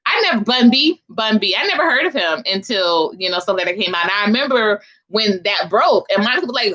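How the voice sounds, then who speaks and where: A woman's voice: a little high, lively intonation, brisk, bright, forceful tone. A young woman from Philadelphia hosting a casual livestream, chatting loosely with viewers in a slangy, direct way. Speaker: livestream host.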